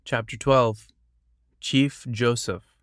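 Guy reading quotes and bios out loud, chatty asides here and there, no room sound. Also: mid-range voice, steady tone, slow, no room sound. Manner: plain reading, breaks off for casual asides and self-corrections. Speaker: reader of quotes and biographies. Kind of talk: reading aloud with short asides.

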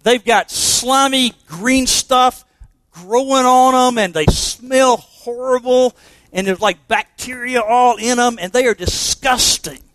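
A pastor preaching a sermon to confirmation students, emphatic and asking rhetorical questions. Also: male voice, very high voice, slow pace, a bit bright, no echo.

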